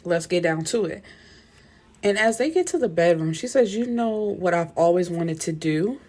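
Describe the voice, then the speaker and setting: A woman casually recapping a novel's plot, animated and full of fillers. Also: on the low side, moderate pace. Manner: animated retelling with many fillers and quoted dialogue. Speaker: book reviewer.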